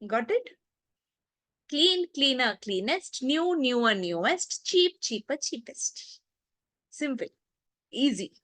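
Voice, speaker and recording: A woman teaching a children's class online, her fairly high voice walking through rules step by step and checking in with the pupils. She is recorded close to the mic, with a dry sound and no room around her. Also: big pitch swings, slow, long pauses, a bit bright, no room sound. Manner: explains step by step, repeats word forms aloud, checks in with the class. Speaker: English teacher.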